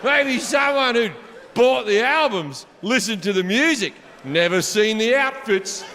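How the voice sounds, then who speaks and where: A man doing profane, animated stand-up storytelling, shouting his punchlines on a large theater stage. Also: very high-pitched, unhurried, noisy background. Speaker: stand-up comedian. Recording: live hall reverb, faint crowd ambience.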